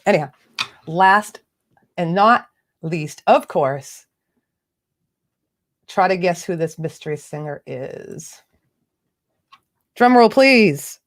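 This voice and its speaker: A woman hosts a casual livestream, chatting bubbly and directly to her viewers and a remote chat. Her voice is low-pitched and slow, with long pauses.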